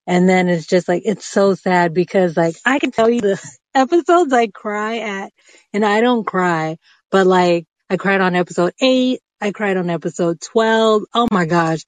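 A woman calls in to chat, gushing with quick laughs and gasps, her voice sounding dry and close, with no room around it. She talks from inside a closet. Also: mid-range voice, dry recording. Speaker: caller. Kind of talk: casual chat. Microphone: phone app call.

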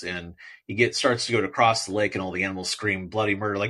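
A man's voice: lowish voice, steady tone, fast, pushed and bright. A man hosting a solo podcast, talking casually about children's books in a rambling way and acting out the characters as he retells the stories. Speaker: podcast host.

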